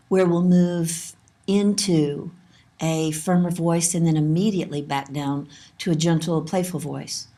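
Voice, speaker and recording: A woman lecturing on child development, calm and explanatory, repeating her key points. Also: fairly low pitch. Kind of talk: instructional lesson narration.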